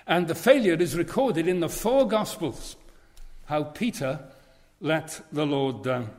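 A man's voice: on the high side, a little mellow. A man preaching a sermon in a church, earnest and leaning on repeated phrases. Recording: long reverb of a large hall.

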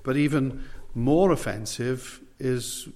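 A man preaching a sermon, emphatic and slowing down to stress key phrases. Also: medium pitch, dark tone, big-room sound.

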